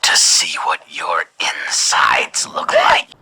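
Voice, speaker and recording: A man voicing a menacing male killer on the phone, taunting in a low rasping whisper. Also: fairly even intonation, takes it slowly, sharp tone, exaggerated voice.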